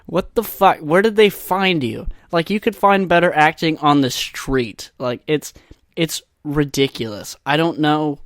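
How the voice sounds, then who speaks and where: A man's voice: fairly high pitch, a little slow, no echo, studio quality. A young man hosting a podcast, ranting in a comic, exasperated way and swearing freely. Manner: profane, exasperated ranting with mocking voices. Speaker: podcast host. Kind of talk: solo comedic rant.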